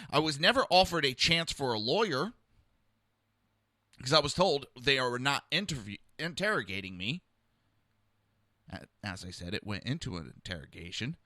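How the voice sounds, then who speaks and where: A man's voice: medium pitch, pushed and bright, dry recording, clean studio sound. A man hosting a podcast, telling a personal story in a heated, rambling, blunt way. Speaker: podcast host.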